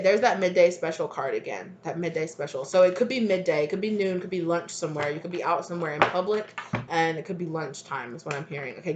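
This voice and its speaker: A woman's voice: sits low, slight background noise. A woman giving a casual tarot reading to her viewers, rambling with many fillers. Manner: rambling, filler-heavy, with frequent "like". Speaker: tarot reader. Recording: dull lo-fi recording.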